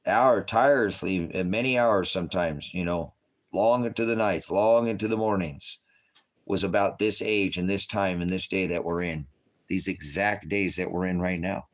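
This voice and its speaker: Low-voiced emotional man preaching. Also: normal speed. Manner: rambling, emotional, often laughing and tearing up. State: tearful. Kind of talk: emotional personal testimony.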